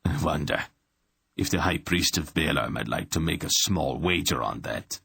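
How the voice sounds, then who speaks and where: A man playing a big bodyguard who speaks with deceptive, quiet mildness. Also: a bass voice, animated, normal speed, gravelly, husky, no room sound, exaggerated voice. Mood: quiet menace. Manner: mild, quiet menace. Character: menacing big male bodyguard, deceptively mild.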